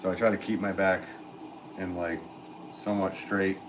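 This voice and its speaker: Brief: man, lowish voice, laid-back rambling live-stream chat from a pottery studio, clear background noise. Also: moderate pace. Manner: rambling and easygoing, many fillers, laughs often. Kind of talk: casual live-stream chat, reading viewer comments. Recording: steady background noise in the room.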